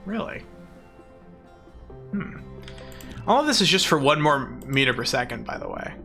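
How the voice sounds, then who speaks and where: Young male game streamer, bright and gravelly, rambling and goofy. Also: a little high, sing-song, moderate pace, faint music behind. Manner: rambling, self-mocking and goofy. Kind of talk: casual gameplay chatter.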